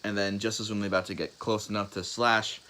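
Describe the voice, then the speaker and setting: A young man improvising a spoken fan story, halting and rambling, with many restarts and fillers. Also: lowish voice, little pitch movement, noisy background.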